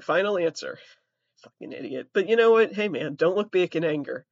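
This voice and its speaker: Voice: mid-range voice, expressive, fairly quick, gravelly, no room sound. A young adult trans comedy podcaster telling stories in a profane, rambling, self-mocking way. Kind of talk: comedic storytelling. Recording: dull, dry lo-fi audio.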